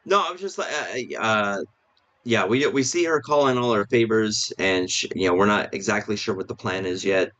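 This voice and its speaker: On dull lo-fi stream audio, a podcast co-host talks about films in a casual, halting way, full of fillers and restarts. He has a fairly low, fairly bright voice and speaks at a normal speed.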